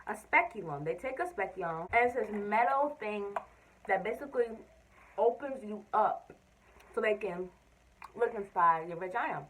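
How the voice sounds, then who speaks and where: A young woman, telling an expressive story-time vlog and acting out what people said. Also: mid-range voice, moderate pace, far from the mic, slight background noise, rough recording. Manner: animated, expressive storytelling with quoted voices. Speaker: vlogger.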